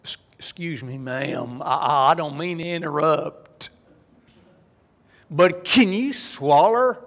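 Man playing a polite, slow-drawling Kentucky barfly, raised pitch, big hall echo. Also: a bit bright. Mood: politely hesitant. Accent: Southern US, Kentucky. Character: slow, overly polite country man in a bar. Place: large conference hall. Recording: long reverb of a hall.

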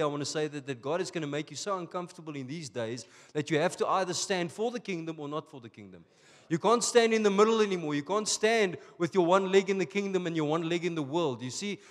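A male pastor preaching a sermon from South Africa, animated and rising to emphatic bursts. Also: a little high, big-room sound.

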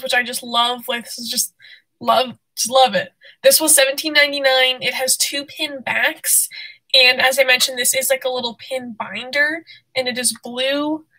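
A young woman hosting a casual live stream, bubbly and excitable, out of breath and laughing often. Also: high voice, rough recording.

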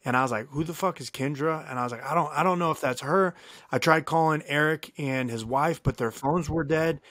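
A man's voice: on the high side, brisk, dry recording. Dry-sounding man telling a profane story. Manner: animated, profane, acts out quoted dialogue. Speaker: podcast co-host. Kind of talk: casual storytelling chat.

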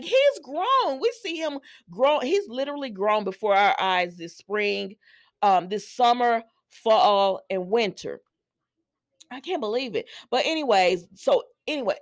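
A woman in casual, chatty talk, recapping a soap opera episode for her viewers and reacting with laughs and asides. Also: mid-range voice. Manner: chatty and animated, laughing and talking to viewers as "y'all".

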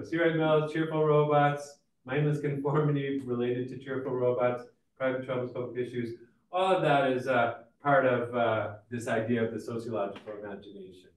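A man lecturing on sociology in a relaxed, conversational way, with frequent fillers and restarts. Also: a little high. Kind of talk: recorded college lecture. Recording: echoey room, mic at a distance.

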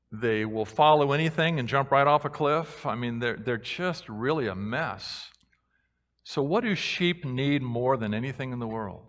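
A man preaching a sermon as a pastor, moving between hushed reflection and excited proclamation. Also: medium pitch. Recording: long hall reverb.

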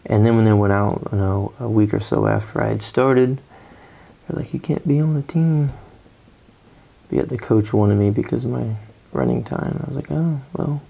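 Sleepy guy rambling while he doodles, husky and mellow. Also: lowish voice, little pitch movement, fairly quick. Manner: rambling, drowsy, lots of fillers and trailing thoughts. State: sleepy, yawning. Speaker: artist doing doodle commentary. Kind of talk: casual rambling commentary while drawing.

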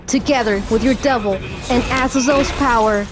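A man's voice: very high-pitched, normal speed, music in the background, rough recording. An actor playing a ruthless middle-aged male fighter in a video game cutscene, cold, menacing and contemptuous.

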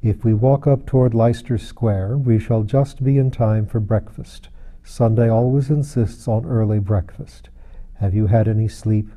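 A man voicing a grave, melancholy male anarchist secretary who speaks with flat, lifeless civility. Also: medium pitch, normal speed, natural voice. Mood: dead calm.

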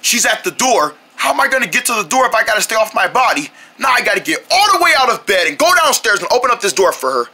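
A voice actor playing a stubborn, hurt cartoon character who complains loudly and overacts. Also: medium pitch, fast, few pauses, heavily acted. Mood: grumbling. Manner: complaining, lively, exaggerated, yelling at times. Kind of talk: homemade cartoon voice acting.

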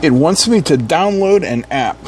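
A man with a slightly high voice walks through a gadget teardown in a casual, hands-on way. He reads labels aloud and tosses in dry, sarcastic asides. A faint hiss sits under the voice. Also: expressive, moderate pace. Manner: wry, sarcastic asides and hums. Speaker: electronics teardown host.

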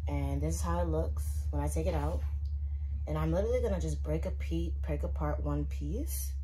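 A woman's voice: low-pitched, a little mellow, a little hiss or hum. A young woman vlogging casually at home as she does her hair, chatting to her viewers in a slangy, direct way while filming on a propped-up phone. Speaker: beauty vlogger. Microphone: phone propped up nearby.

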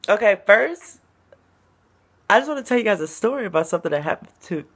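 A woman's voice: medium pitch, animated, a little fast, slightly rough. A young woman, chatting and telling stories in a casual vlog, often giggling, partly filmed in a car on a phone camera. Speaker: vlogger. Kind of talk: casual vlog chat and storytelling.

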